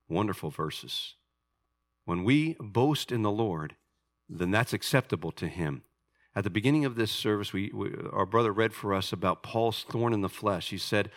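A man preaching a sermon in a bright, forward voice. He is emphatic, and his voice climbs high and loud as he reads scripture, then drops low and quiet to close each point. His pitch sits in an ordinary middle range. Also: expressive, moderate pace. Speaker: pastor.

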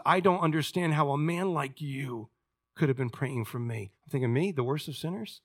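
A man's voice: medium pitch, very animated, fairly quick. An older man, a pastor, preaching a sermon in a conversational storytelling way, with frequent restarts. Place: church.

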